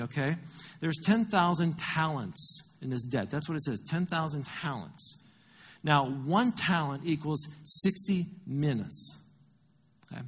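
Male pastor preaching, chatty, does the math out loud, slightly husky voice, a bit high. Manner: conversational, walks through scripture and arithmetic. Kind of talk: sermon.

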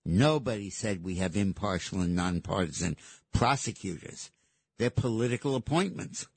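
A man's voice: on the low side, lively intonation, moderate pace, slightly rough, no echo. A man hosting political talk radio, speaking in an emphatic, sardonic way. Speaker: radio talk show host.

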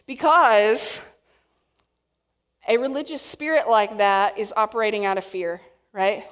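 A woman preaching a sermon to a congregation, animated and acting out quotes in different voices. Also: mid-range voice, unhurried, long pauses. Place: church hall with audience. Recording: long reverb of a hall.

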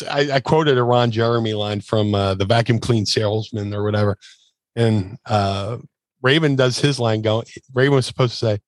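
A man's voice: lowish voice, no echo. Rambling male storyteller, dry close sound. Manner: animated storyteller, acts out quotes in shifting voices; loose, rambling with fillers and restarts. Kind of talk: casual anecdote telling.

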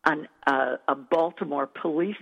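A woman's voice: sits low, a little slow, vocal fry, a bit bright, slightly rough. A woman dialect coach telling stories in an interview, effusive and enthusiastic. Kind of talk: interview storytelling. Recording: echoey, tinny phone-like recording.

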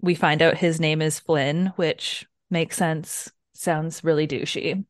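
A woman co-hosting a casual book club podcast, recapping chapters in an animated way and swearing freely. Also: sits low, slow pace, dry recording, clean studio sound. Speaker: podcast co-host.

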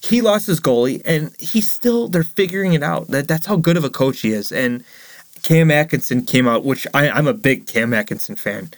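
A man co-hosting a casual sports podcast, telling animated stories and laughing as he quotes people. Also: on the high side, moderate pace, no room sound. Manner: animated storyteller, acts out quotes, laughs a lot. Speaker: podcast co-host.

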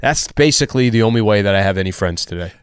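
A man's voice: fairly low pitch, expressive, fast, smooth, no echo, studio quality. A man hosting a casual sports radio show, posing hypotheticals and joking about himself. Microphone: studio microphone with headphones.

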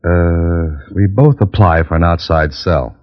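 An actor playing a dry, wisecracking adventurer who also narrates, in 1940s radio acting. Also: male voice, deep voice, slow. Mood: confident. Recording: dull old radio recording.

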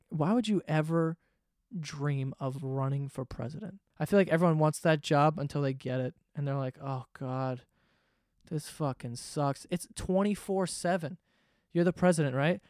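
Guy ranting and cussing on his podcast, kinda high voice, dead dry mic. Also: darkish tone, no room sound. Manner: profane, ranting, sarcastic. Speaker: podcast host. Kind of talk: casual comedic monologue.

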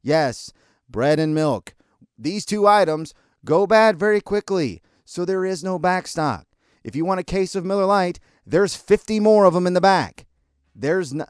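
An American man hosting a podcast, ranting sarcastically and scolding his listeners, at times in a mock calm, soothing voice. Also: high-pitched, unhurried, clear, resonant tone, dry recording, studio quality. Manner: sarcastic, scolding and exasperated, hurling insults; mock calm and soothing delivery that breaks into outbursts. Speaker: podcast host. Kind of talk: ranting opinion segment.

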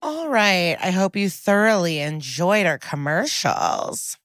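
A woman co-hosts a casual podcast, speaking slowly with a lively, rising and falling pitch. She keeps her replies short and agreeable, recorded close and dry. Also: dry recording. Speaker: podcast co-host. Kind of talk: casual chat.

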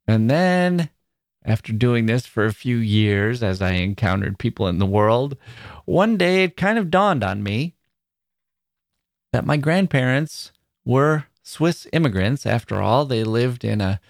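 Guy from wisconsin hosting a podcast, thinking out loud, wry, pretty dry close sound. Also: mid-range voice, dry recording. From Wisconsin, USA. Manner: thoughtful, wry, with small self-corrections. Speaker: podcast host. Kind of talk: reflective spoken essay.

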